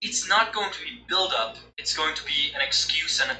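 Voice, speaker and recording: A man's voice: on the high side, expressive, moderate pace, sharp tone. A man chatting casually as a podcast host, ranting with exasperated energy and breaking into laughs. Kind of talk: casual chat. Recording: echoey room, distant mic, music behind.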